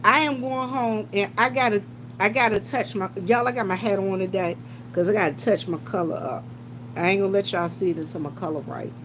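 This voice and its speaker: A woman's voice: medium pitch, a little fast, noisy background. A woman, chatting casually to viewers as she tells stories and greets commenters during her gas station shift. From South Carolina.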